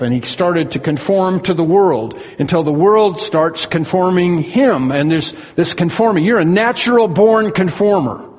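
A man preaching an earnest expository sermon, slowing down to stress key words. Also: a little high, darkish tone, in a large hall.

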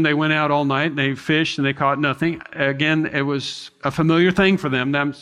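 A man's voice: fairly high pitch, fairly bright tone, smooth, in a large hall. A man preaching an expository sermon in a conversational, reflective way, often restarting and adding asides.

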